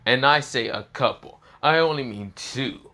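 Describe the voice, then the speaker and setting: A man's voice: mid-range voice, unhurried, pushed and bright. A man with a sore throat voicing a proud, boastful male black dragon in a fan story he narrates, hardly changing his own voice.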